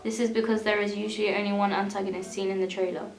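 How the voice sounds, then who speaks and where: A young woman reading a school media evaluation aloud in a steady, even way. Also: mid-range voice, fast talker, vocal fry, echoey room, rough recording. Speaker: student presenter.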